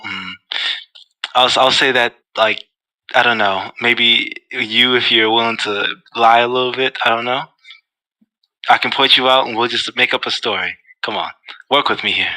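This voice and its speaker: A man playing in a tabletop role-playing game, speaking in character. His voice is very bright and tense, and he pleads and laughs as he talks his way through a scene. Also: mid-range voice, steady tone, measured pace, rough recording. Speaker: player.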